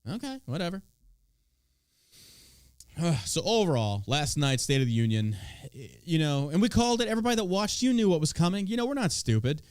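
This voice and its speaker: A man's voice: fairly high pitch, lively intonation, fast talker, clean tone, no echo, studio quality. Profane, sarcastic man ranting on a podcast. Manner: profane, sarcastic, swinging between loud and mocking. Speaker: podcast host. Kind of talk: casual political rant.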